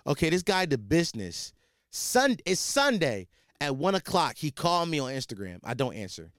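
A man hosting a podcast, telling a comic story in a profane, rambling, animated way. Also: medium pitch, fairly quick, smooth, no room sound, studio quality. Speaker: podcast host. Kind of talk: comedic storytelling.

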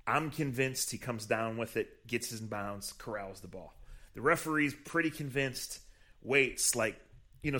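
A man co-hosting a casual podcast, telling stories from practice and acting out what people said. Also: mid-range voice. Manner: animated storyteller who acts out quotes. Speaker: podcast co-host, team reporter. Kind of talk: casual podcast chat, storytelling.

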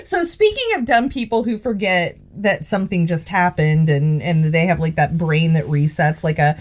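A woman's voice: lowish voice, lively intonation, normal speed. A young woman co-hosting a podcast, ranting indignantly and sarcastically about politics in casual chat. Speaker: podcast co-host.

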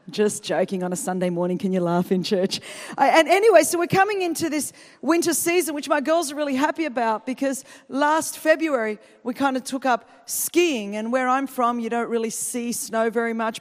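A woman from Australia with an Australian accent, preaching a humorous sermon and chatting and joking with the congregation. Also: high-pitched. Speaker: guest preacher. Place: large church auditorium. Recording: long reverb of a church hall.

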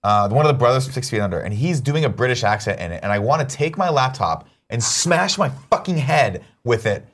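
A man hosting a casual chat show, talking in an animated, mock-ranting, blunt way and swearing freely. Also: mid-range voice, fairly quick. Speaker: host.

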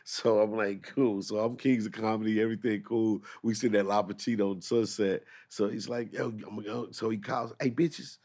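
A man's voice: on the low side, little pitch movement, brisk, few pauses. A man, a comedian, telling a story in casual chat and voicing the people in it. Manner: laid-back, drops into loud impressions.

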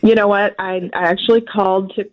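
Friendly female caller from Minnesota, giggly, mid-pitched, heard over a thin phone line. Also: fairly even intonation, brisk. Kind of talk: phone-in chat.

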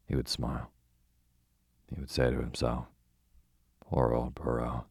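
A man's voice: rumbling low, monotone, creaky, a little mellow, husky, no room sound, full character voice. Man doing a placid, fussy old detective. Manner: placid, deliberate, foreign turns of phrase. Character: fussy, precise older male detective.

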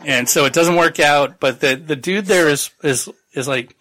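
A podcast host with a bright, forceful voice rambles through a book summary. He jokes, swears casually and chats in a loose, friendly tone. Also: fairly high pitch, steady tone, moderate pace. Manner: rambling, jokey recap full of laughs and profanity. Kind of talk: casual book-club chat.

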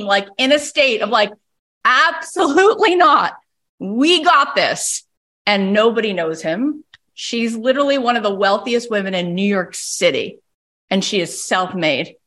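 A woman's voice: mid-range voice, moderate pace, fairly bright tone. A woman coach on a recorded call, telling a story with energy and acting out the people she quotes. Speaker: coach and podcast host.

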